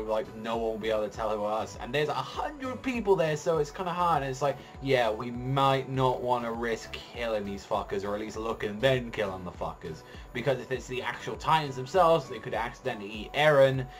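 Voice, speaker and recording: A man giving a casual spoken manga review, rambling with heavy swearing and lots of fillers. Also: mid-range voice.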